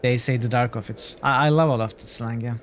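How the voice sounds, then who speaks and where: A man's voice: mid-range voice, fairly even intonation, fairly quick, a little hiss or hum. A man casually commenting while streaming a role-playing game, chatty and a little hesitant, reading game text aloud.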